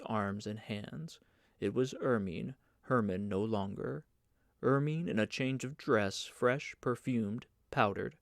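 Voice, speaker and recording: A man narrating an audiobook of a novel in an even, measured reading. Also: medium pitch, dry recording, clean studio sound. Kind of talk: scripted narration.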